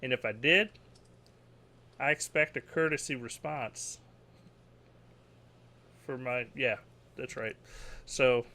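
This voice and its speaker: A man's voice: mid-range voice, slow pace, long pauses, pushed and bright. A man hosting a gaming podcast in casual chat, loose and joking, often laughing. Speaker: podcast host.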